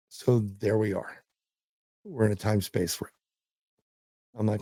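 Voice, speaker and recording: A man's voice: mid-range voice, a little slow, long pauses, mellow, no room sound. A man, a paranormal investigator, telling a story as a guest in a casual interview; he rambles, repeats words and acts out quotes.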